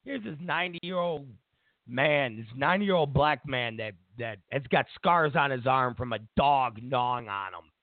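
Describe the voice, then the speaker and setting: A man hosting a show, giving an opinionated political commentary as a mocking, animated rant. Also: mid-range voice, measured pace, no echo. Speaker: show host. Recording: tinny phone-like dry audio.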